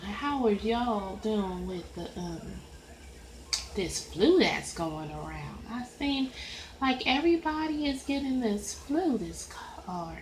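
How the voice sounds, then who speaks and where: A woman with a Southern US accent and a high voice chatting casually while she colors, rambling in an easygoing way. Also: animated, slow pace, reverberant, slight background noise, poor audio. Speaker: coloring video creator. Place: at home at a coloring desk.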